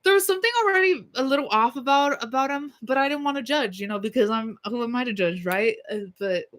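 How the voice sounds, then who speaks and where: A young woman with a bright, forceful voice tells a story on her livestream. She rants in a loose, profane, blunt way, full of "like" and "y'all." Her delivery stays casual and fired up. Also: on the high side, fast. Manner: heated, profane and blunt, with lots of fillers.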